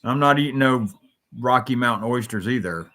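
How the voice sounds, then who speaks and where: A man's voice: medium pitch, normal speed, a bit bright. A man hosting a solo talk show, rambling and jumping between stories, swearing freely.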